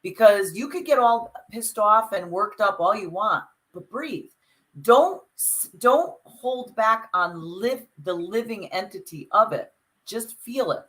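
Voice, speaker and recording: A woman's voice: medium pitch, expressive, measured pace, a bit bright, low-quality recording. A woman co-hosting a podcast, reflecting aloud and talking things through in a casual chat. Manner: reflective, talks it through with restarts. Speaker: podcast co-host.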